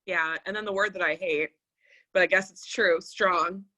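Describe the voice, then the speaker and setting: A woman's voice: lowish voice, steady tone, moderate pace, bright, forceful tone. A woman co-hosting a podcast in casual chat, chatty and laughing often. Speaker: podcast co-host.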